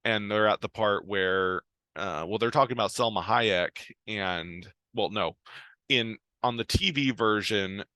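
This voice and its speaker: A man's voice: fairly low pitch, a little slow, pushed and bright, no echo. A man retelling a show's plot in a casual, rambling way, full of ums and restarts. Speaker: show recapper.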